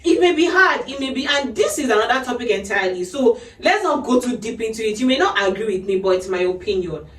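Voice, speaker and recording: A woman's voice: a little high, expressive, fast talker, few pauses, a little hiss or hum. A woman hosting a podcast, giving earnest advice to parents in a casual chat and laughing often. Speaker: podcast host. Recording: echoey room, mic at a distance.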